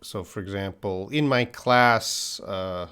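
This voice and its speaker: Slow, patient male English teacher. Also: on the low side, sharp tone, smooth. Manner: slow, patient explaining with pauses and restarts. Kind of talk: live-stream Q&A lesson.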